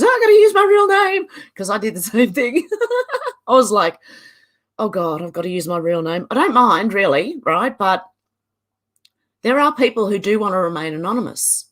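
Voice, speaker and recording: An Australian woman hosts a casual livestream at a mid pitch. She chats freely, laughs often and drops in Aussie slang as she reads viewer comments aloud. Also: a bit bright. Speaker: livestream host.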